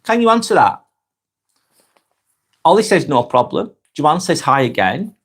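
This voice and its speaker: Calm Lancashire man reading live comments. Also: a little high, breathy edge. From North West England. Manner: calm, unhurried, chatty, full of ums and restarts. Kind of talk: casual live-stream chat.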